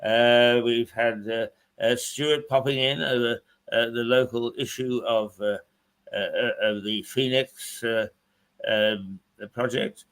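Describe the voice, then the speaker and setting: A man presenting a radio show in a casual chat, talking haltingly with many restarts and chuckles. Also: mid-range voice, steady tone, a bit bright.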